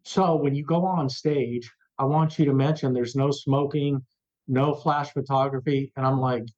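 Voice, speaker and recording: Brief: male rock radio veteran as interview guest, animated storyteller who voices the people he quotes, mid-pitched, slightly muffled remote audio. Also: normal speed. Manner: lively, acts out quoted voices. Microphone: remote interview over the internet.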